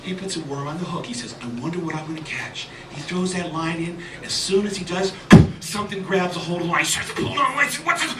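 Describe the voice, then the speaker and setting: Brief: playful male children's storyteller, high lively voice, echoey live room, crowd. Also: fast, few pauses, distant mic, heavy background noise. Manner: animated, playful, repeating refrains. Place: live children's show venue.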